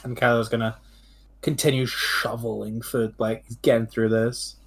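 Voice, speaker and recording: A man's voice: mid-range voice, flat delivery, normal speed, vocal fry. Brash swearing man at a game table. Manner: brash, swearing, laid-back. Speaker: player.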